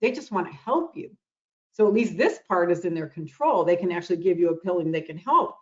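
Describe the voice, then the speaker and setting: A woman's voice: on the low side, very animated, a little fast, darkish tone, lo-fi sound. A woman giving an earnest motivational talk on anxiety, repeating phrases for emphasis. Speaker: guest speaker on self-love and anxiety.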